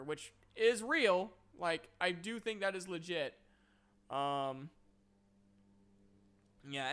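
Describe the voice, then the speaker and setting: Bright, crisp-voiced man ranting. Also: a little high. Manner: exasperated, scattered, heavy use of "like". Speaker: movie reviewer. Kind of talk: casual ranting review.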